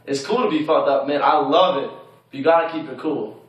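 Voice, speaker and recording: A man's voice: a little high, a little fast, far from the mic, lo-fi sound. A young man, a college student, giving frank dating advice in a laid-back, casual vlog segment. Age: young adult. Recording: very echoey room, voice off-mic.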